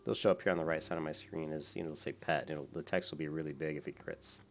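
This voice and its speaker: Low gravelly man rambling over gameplay. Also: steady tone, quick pace, faint music behind. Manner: rambling, with many fillers. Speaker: gaming YouTuber. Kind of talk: casual gameplay commentary.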